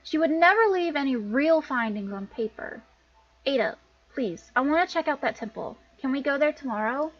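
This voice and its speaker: A woman's voice: high voice, lively intonation, normal speed, slight background noise, pitched above the performer's own voice. A woman voicing an eager young woman, a doctor's daughter, pleading to explore. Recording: dull lo-fi recording.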